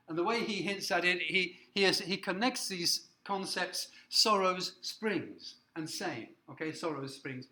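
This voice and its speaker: A man with a bright, slightly raised voice gives a literature lecture. He explains patiently, keeps checking that his listeners follow, and reads verse aloud slowly. The sound rings in a roomy classroom. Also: high-pitched. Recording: echoey room.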